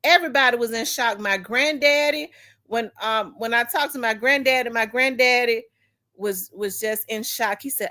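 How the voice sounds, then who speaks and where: Woman host, casual storyteller, animated, voices her relatives in quotes, blunt and emotional, swears freely. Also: on the high side, moderate pace. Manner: animated, acts out family members' voices. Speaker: talk show host.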